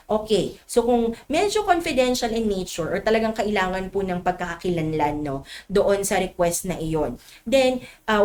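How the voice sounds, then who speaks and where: A woman's voice: lowish voice, darkish tone. Chatty Filipino woman giving a briefing. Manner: polite and chatty, keeps asking the listeners to agree. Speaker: government program trainer. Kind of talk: online orientation lecture.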